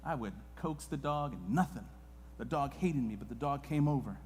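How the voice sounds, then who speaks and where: A man preaching a sermon as a guest pastor in a church, moving between hushed and loud, impassioned delivery. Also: medium pitch, animated, normal speed, a little hiss or hum. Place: church sanctuary. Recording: long reverb of a church hall.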